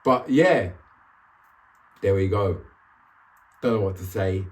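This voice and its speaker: Young vlogger, bouncy lively pitch, playful and slangy, casual to-camera chat. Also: male voice, slow pace. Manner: animated, joking, slangy.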